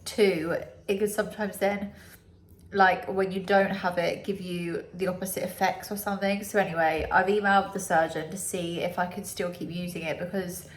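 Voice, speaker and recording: A young woman from the UK talks into her phone camera at home, her nose clearly congested and blocked. She rambles in a casual, chatty way, full of fillers and little asides. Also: lowish voice, steady tone, normal speed. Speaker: vlogger. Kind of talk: casual recovery vlog.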